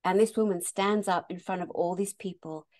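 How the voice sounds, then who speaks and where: A woman therapist telling stories in a casual conversation, animated and laughing often. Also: on the low side, normal speed. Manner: animated, laughs often, acts out quoted voices. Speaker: therapist and meditation teacher.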